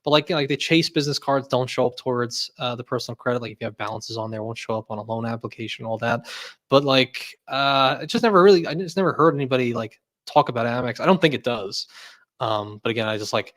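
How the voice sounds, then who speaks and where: A man's voice: medium pitch, fast, fairly bright tone. Rambling, jokey man hosting a livestream. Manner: rambling, second-guesses himself, laughs often; jokey ranting. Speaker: host. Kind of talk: casual livestream chat.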